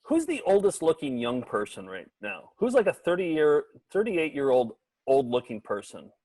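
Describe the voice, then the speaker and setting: A middle-aged man co-hosting a casual comedy show, animated and jokey, tossing out rhetorical questions. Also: on the high side, moderate pace, no room sound, poor audio. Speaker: co-host.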